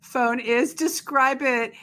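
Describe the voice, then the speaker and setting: A woman's voice: high-pitched, slow pace, fairly bright tone. Enthusiastic middle-aged woman host. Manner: enthusiastic, exclaims often. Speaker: podcast host. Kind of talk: casual interview chat.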